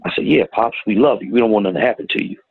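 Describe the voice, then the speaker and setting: A middle-aged man telling a painful personal story in a plain-spoken, halting way, recorded with tinny phone-like sound. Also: on the low side, gravelly, husky, no room sound. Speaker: guest telling his story. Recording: tinny phone-like audio, dry.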